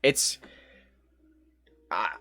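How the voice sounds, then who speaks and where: A young man from Ireland tells a story on a livestream in a casual, animated way, swearing, laughing and acting out the people in it. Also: very slow, no room sound. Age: young adult. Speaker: streamer.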